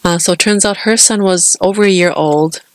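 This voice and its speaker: A woman's voice: lowish voice, a little fast, no room sound. An American woman in her thirties, a podcast co-host telling a long personal story in casual chat, with frequent restarts. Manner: chatty storytelling, many restarts.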